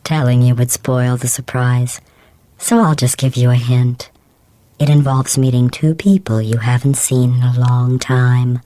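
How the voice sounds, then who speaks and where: A woman voicing a cold, sarcastic female AI computer in a video game, deadpan with a synthetic edge. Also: rumbling low, unhurried, no room sound. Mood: cold mocking. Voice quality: smooth, synthetic-edged, deadpan. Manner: dry mocking insults delivered calmly. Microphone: clean dry studio recording.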